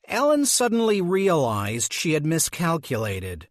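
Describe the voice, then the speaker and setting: A man reading an audiobook as narrator, with slow, measured delivery. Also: fairly high pitch, lively intonation, no echo, clean studio sound. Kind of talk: scripted narration.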